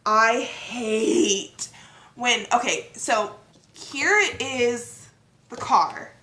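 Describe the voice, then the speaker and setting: Bright, giggly young woman vlogging. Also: on the high side, extremely slow, roomy sound. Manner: giggly, teasing, chatty. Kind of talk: casual couples chat.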